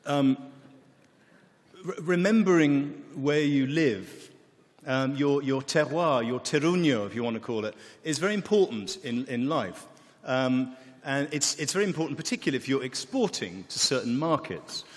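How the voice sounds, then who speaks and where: In a large conference hall with a long reverb, an English man who is a wine expert and keynote speaker delivers a conference keynote full of anecdotes. English is his first language, and his mid-range voice moves at a moderate pace. He sounds relaxed and jokey and uses many fillers.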